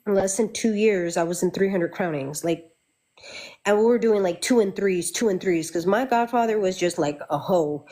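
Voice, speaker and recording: A woman's voice: medium pitch, normal speed, dark tone. A middle-aged woman, a Santeria practitioner, chatting candidly and swearing freely as she tells her stories. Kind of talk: casual chat.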